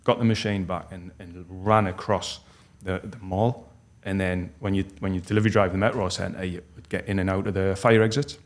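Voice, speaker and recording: A man, telling a personal story as a podcast guest in a halting, heartfelt way with many restarts. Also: sits low, fairly even intonation. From North East England. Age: 40s.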